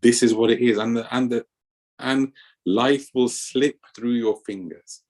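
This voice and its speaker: A man's voice: medium pitch, measured pace. A man giving an earnest scripture class at a temple, telling stories as he talks. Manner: storytelling, earnest, lively with acted quotes.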